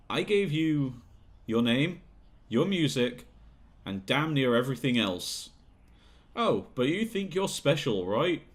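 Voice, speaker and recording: Man doing a manipulative talent manager, condescending, bullying, game voice-over. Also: mid-range voice.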